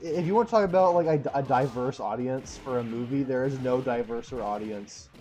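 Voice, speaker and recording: A man in casual chat while playing a game on stream, dry and quick to swear at it. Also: mid-range voice, a little mellow, a little hiss or hum.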